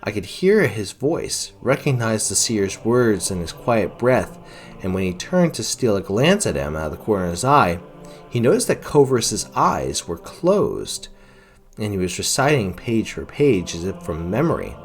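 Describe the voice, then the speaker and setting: A man with a very low, deep voice narrates his role-play run of a fantasy video game. His pitch rises and falls lively as he retells what each character says. Faint game music sits behind him. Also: normal speed. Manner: retells characters' lines in first person, with fillers. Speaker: game player narrating a playthrough.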